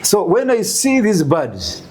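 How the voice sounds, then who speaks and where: A Ugandan man telling a story in an interview, animated and full of rhetorical questions. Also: high-pitched, slow, slight background noise. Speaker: guest.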